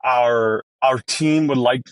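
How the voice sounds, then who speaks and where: A man who owns a restaurant, talking as a podcast guest in an energetic, rambling way and acting out his own quoted lines. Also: medium pitch, slow, no room sound. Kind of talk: casual podcast interview.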